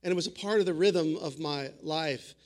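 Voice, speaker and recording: A man's voice: fairly high pitch, normal speed. A man preaching a sermon in an earnest, conversational way, often restarting his sentences. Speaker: pastor.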